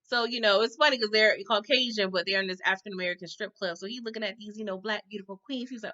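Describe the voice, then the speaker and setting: A woman's voice: mid-range voice, fast, hardly any pauses, bright, forceful tone, muffled recording. A woman giving a casual, chatty recap of a TV episode. She acts out the characters' lines and keeps tagging her sentences with "okay?". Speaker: TV recap host.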